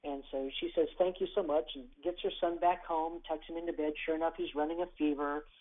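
A guest on a call-in show telling a story with energy, acting out the people in it and shifting loudness and pace. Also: medium pitch, steady tone, brisk. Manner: acts out quoted characters, varies loudness and pace. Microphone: telephone. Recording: tinny phone line.

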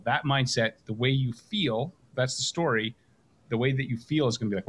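A man's voice: mid-range voice, normal speed, a bit bright, breathy edge. A man hosting a coaching call, talking with energy and emphasis and acting out example phrases. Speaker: coach and host.

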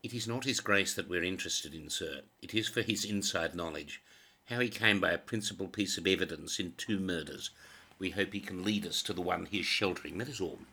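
A man's voice: low-pitched, a little fast, sharp tone, slightly rough, exaggerated voice. A man playing a composed, respectful police detective who speaks precisely. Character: cool, polite male police detective.

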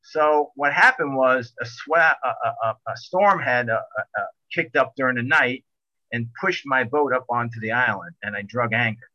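A middle-aged man telling a long boating story in a rambling, animated way, full of restarts. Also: mid-range voice, normal speed, no room sound, lo-fi sound. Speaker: guest telling a sailing story. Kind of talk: casual storytelling.

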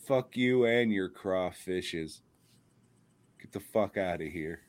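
Low voiced guy cussing and ranting on a podcast, really slow drawl, swings up and down a lot. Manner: profane, ranting, laughs often. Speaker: podcast co-host. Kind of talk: casual comedic chat.

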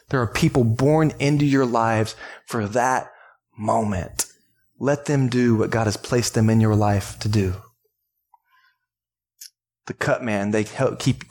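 Animated pastor preaching. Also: male voice. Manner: animated preaching, voice climbing high when acting out the hype man. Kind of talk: sermon. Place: church service.

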